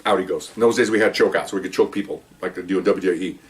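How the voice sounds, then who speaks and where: Picked up by a far-off microphone, the ex-cop's low-pitched voice races through animated anecdotes from the job as he mimics quotes and laughs softly along.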